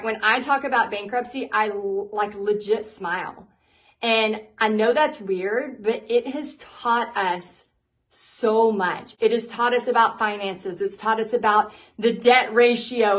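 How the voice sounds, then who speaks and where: A woman, a paint party instructor telling her story to viewers in a candid, animated way, laughing often. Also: fairly high pitch, poor audio.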